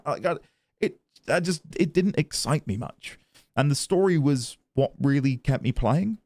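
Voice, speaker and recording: A man's voice: on the high side, expressive, measured pace, darkish tone, no room sound. A man streaming a video game, chatting casually and reading chat and game text aloud. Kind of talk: casual gaming commentary.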